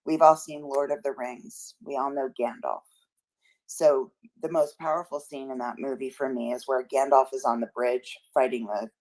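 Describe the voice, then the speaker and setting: Woman guest, unusually deep voice, fervent rallying tone. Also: darkish tone, poor audio. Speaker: podcast guest. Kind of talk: casual chat.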